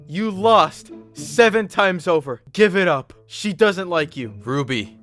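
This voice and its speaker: A male vlogger talks through his commentary in a slightly high voice, sarcastic and blunt. He swears casually and mocks what he reads, with faint music underneath. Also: expressive, takes it slowly, few pauses, a bit bright. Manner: sarcastic, crude, mocking. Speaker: channel host. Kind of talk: commentary vlog.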